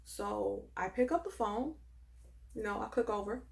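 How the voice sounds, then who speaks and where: A woman telling a personal story in a casual, animated and emphatic way, full of sass. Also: mid-range voice, a little slow, creaky. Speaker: storyteller vlogger.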